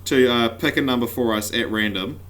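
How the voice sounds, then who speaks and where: A man hosting a podcast, asking halting questions in casual chat. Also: medium pitch, fairly bright tone. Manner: halting, restarts his questions. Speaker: podcast host.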